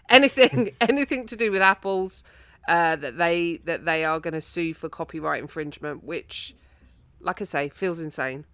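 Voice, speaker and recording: A woman's voice: lowish voice, no echo. A woman, a comedian guest riffing animatedly in a panel chat. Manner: animated, joking, quick asides.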